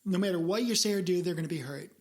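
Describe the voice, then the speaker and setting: A woman's voice: on the low side, very fast, a crowd in the background. A woman hosting a podcast, chatting casually in an earnest, rambling way with frequent restarts. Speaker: podcast host. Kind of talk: casual chat.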